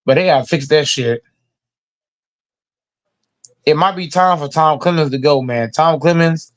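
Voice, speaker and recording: A man hosting a casual sports reaction show, ranting emphatically and with heavy profanity. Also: on the high side. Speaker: host reacting to football news.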